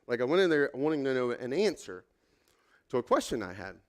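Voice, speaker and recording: A man's voice: medium pitch, big pitch swings, brisk. A pastor in his thirties giving a conversational, self-deprecating sermon with many fillers and asides.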